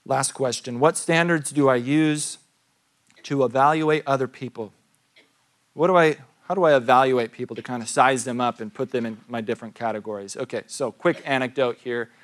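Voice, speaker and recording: A man's voice: mid-range voice, moderate pace. A man in his thirties, a pastor giving a sermon in a church, telling a story and asking questions in a conversational way.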